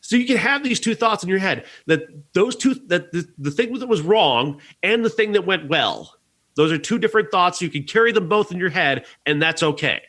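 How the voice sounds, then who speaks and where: Male podcast critic, bright edge to the voice, earnest rambling delivery. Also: high voice, expressive, moderate pace. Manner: earnest, rambling, frequent restarts and laughs. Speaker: podcast movie reviewer. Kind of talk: casual review chat.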